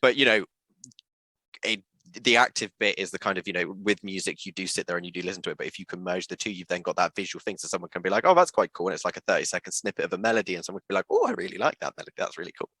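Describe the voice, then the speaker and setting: British guy hosting, low voice, talks fast, lots of kind of and you know. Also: steady tone, sharp tone, dry recording. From Britain. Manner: rambling questions full of kind of and you know. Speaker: interview host. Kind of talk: casual interview chat.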